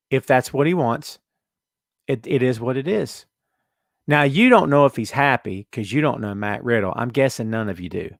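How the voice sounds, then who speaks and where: Sarcastic, animated wrestling show host, man. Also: mid-range voice, creaky, no echo, clean studio sound. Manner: sarcastic, animated, mocking put-on voices. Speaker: podcast host. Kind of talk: casual wrestling talk show, reading viewer comments.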